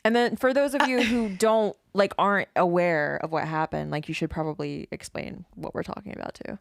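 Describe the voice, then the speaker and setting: A woman with a Southern US accent, co-hosting a podcast. She chats in a giggly, rambling way in a fairly low voice. The sound is dry and close. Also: a little fast, gravelly, dry recording. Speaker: podcast co-host. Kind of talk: casual chat.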